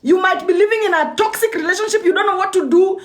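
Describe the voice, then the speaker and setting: On a livestream, a young woman delivers a motivational talk in an extremely high-pitched voice at a quick pace. She hammers points home by repeating lines and keeps restarting her sentences.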